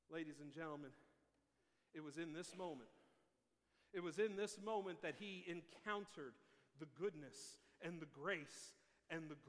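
A man pastor preaches a fervent sermon in a high, forceful, ringing voice, pressing his points in rhetorical waves that climb to shouts. He is heard in a church sanctuary, and the sound rolls around an echoey hall with a long reverb tail. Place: church sanctuary during a morning service.

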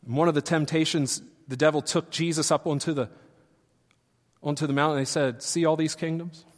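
Male pastor, higher register, sermon delivery that builds from soft to loud, long hall reverb. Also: a little fast. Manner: swings from quiet teaching to loud, animated acted-out quotes.

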